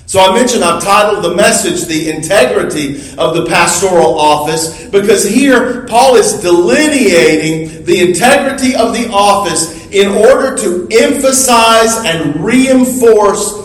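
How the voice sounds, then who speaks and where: A man's voice: high voice, expressive, unhurried, hardly any pauses, reverberant, low-quality recording. A man preaching a sermon earnestly, explaining and repeating key phrases with small restarts. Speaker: pastor.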